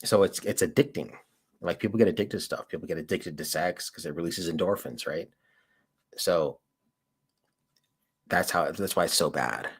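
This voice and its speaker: A man's voice: deep voice, normal speed, long pauses, husky. A man hosting a livestream, chatting casually with viewers in a rambling, slangy way, full of "dude" and "like". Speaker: livestream host and auditor. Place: lives in Colorado.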